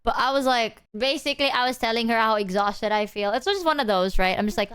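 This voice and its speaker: A young woman streamer talking casually and candidly to her viewers, animated and rambling, her pitch swinging up when she quotes herself. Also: fast.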